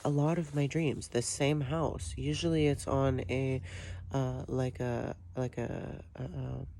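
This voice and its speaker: A woman vlogger recounting a story in a rambling, unhurried way. Her voice is gravelly with vocal fry and has a dark, mellow tone. She often restarts her sentences and piles up fillers. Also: rumbling low, little pitch movement, slight background noise. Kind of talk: casual storytelling.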